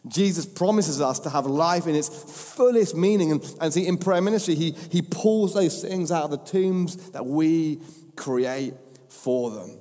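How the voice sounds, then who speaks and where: A man's voice: on the high side, warm tone. Impassioned male preacher in a reverberant hall. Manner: impassioned, repetitive emphatic phrasing. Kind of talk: sermon.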